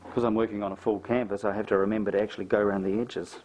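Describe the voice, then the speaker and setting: Man, New Zealand accent, middle-aged, chatty painting tutor, self-mocking, fairly low voice, faint clicking behind. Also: flat delivery, rapid-fire, a little mellow, slight background noise, low-quality recording.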